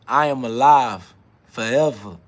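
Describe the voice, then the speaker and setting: A man hosting a podcast, delivering a freewheeling spiritual monologue in street slang, quoting scripture and swinging between loud hype and low murmurs. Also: unhurried. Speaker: podcast host.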